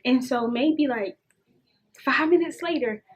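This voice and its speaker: A young adult woman vlogger telling a casual storytime, animated and swearing freely as she acts out the dialogue. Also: high-pitched, a little slow, breathy edge.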